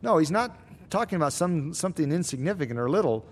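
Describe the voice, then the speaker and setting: A man answering Bible questions as a pastor, explaining scripture in a measured, teaching way. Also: a little high, sing-song, husky.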